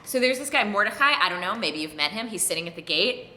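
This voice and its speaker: A woman rabbi, a bit tipsy, retelling an old story as comedy and jumping into loud voices for the characters. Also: medium pitch, lively intonation, fast talker, roomy sound.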